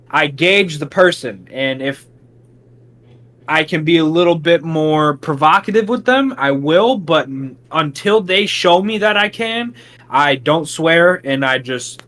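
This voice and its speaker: A man's voice: a little high, fairly bright tone. A man co-hosting a podcast in casual chat, blunt and swearing freely. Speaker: podcast co-host.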